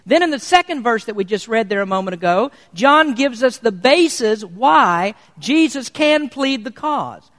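A man preaching a sermon as pastor, earnest and deliberate, slowing down to stress key words. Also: very high voice, animated, fairly bright tone, in a large hall. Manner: earnest preaching, slows for emphasis.

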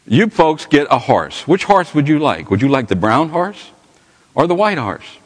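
A man's voice: a little high, very animated, moderate pace, husky, pitched above the performer's own voice. A man voicing an eager young male Bible student who stammers earnestly, in a reverberant hall.

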